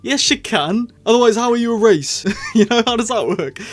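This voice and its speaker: A man giving a casual spoken review, rambling and excitable, often correcting himself mid-sentence. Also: very high-pitched, fairly quick. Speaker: video reviewer.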